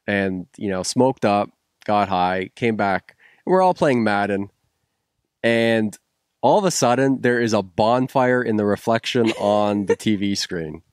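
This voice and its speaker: A man's voice: mid-range voice, no room sound, clean studio sound. A man co-hosting a casual chat about filmmaking, telling stories with many fillers and restarts. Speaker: co-host, filmmaker.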